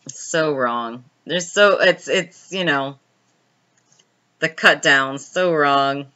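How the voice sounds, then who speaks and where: Slow-talking, bright-voiced woman host. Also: low voice, highs cut off. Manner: reads viewer comments aloud and laughs often; chatty storytelling. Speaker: live-stream host. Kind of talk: casual live-stream chat.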